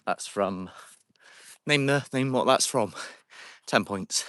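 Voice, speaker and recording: A man's voice: mid-range voice, slow, pauses often, a bit bright, clear, resonant tone, dry recording, clean studio sound. A man hosting a paranormal livestream outdoors in a cemetery, chatting casually with viewers and calling out to spirits on a handheld phone. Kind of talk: casual live-stream chat.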